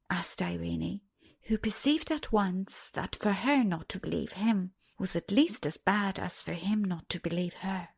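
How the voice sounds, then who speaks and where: A woman narrating a storybook audiobook in an expressive way, dropping softly on the speech tags. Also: lowish voice, measured pace, creaky, breathy edge.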